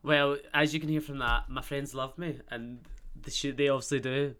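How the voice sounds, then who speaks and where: This is a casual solo podcast from a Scottish host with a Glaswegian accent, who rambles, swears, and mocks himself along the way. His voice is medium-pitched, smooth, and fairly bright, delivered at a normal pace in a steady tone.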